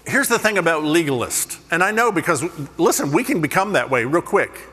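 Male preacher, fairly high, animated comic storyteller, reverberant hall. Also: fairly quick, husky. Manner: animated, jokey, self-deprecating. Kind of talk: humorous sermon storytelling.

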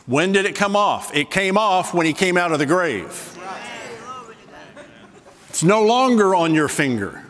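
A man preaching a sermon to a congregation, switching between slow, soft emphasis and quick conversational asides. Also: high voice, big pitch swings, long reverb tail. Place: church sanctuary with a congregation.

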